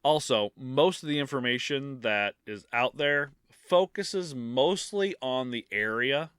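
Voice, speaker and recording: A man's voice: medium pitch, animated, slow pace, a bit bright, clean tone, dry recording, clean studio sound. A man co-hosting a podcast who reads from notes and chats casually, laughing and swearing easily. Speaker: podcast co-host.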